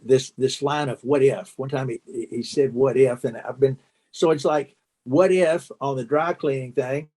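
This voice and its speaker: Male podcast host, mid-pitched, halting rambling questions. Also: fairly even intonation, darkish tone. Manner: halting, full of fillers and restarts. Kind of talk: interview chat.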